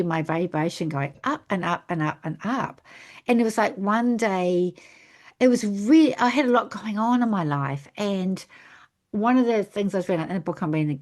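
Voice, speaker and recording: A woman's voice: medium pitch, a little mellow. A woman hosting a podcast interview, speaking in a gushing, rambling way about spirit and good energy. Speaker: podcast host. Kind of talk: casual interview chat.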